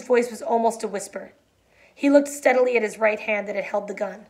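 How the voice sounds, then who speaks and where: A woman reading a novel chapter aloud in a quiet, even voice, then explaining the ending in a chatty way with fillers. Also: mid-range voice, fairly quick. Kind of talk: read-aloud and plain explanation.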